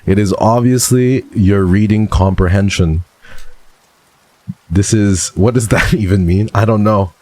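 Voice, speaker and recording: A man's voice: fairly low pitch, measured pace, a little mellow. A man streaming casually, reading viewer messages aloud in a playful, teasing way and laughing often.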